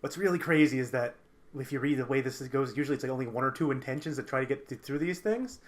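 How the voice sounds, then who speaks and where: Explaining rules as a tabletop game master, a man with a mid-range voice speaks in fast, stop-and-start bursts, restarting often.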